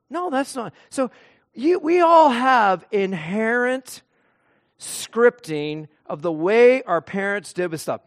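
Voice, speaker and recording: A man giving an earnest Christian teaching on marriage, speaking deliberately and illustrating points with everyday stories. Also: high-pitched, expressive.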